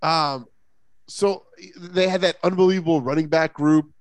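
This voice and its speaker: A man co-hosting a casual sports talk podcast, rambling and animated with lots of fillers and restarts. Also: fairly high pitch, a little slow, no room sound. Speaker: podcast co-host.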